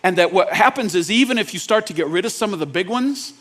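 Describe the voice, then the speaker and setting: A male pastor preaching a sermon in a casual, joking, conversational way, often checking in with the congregation with quick questions. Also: high voice, animated, a bit bright. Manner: asks the audience rhetorical check-ins.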